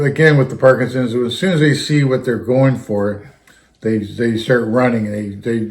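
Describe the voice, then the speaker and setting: In a mid-range, slightly mellow voice, a retired fire captain shares a rambling tale during casual chat. He strays from the point and keeps coming back with "anyhow."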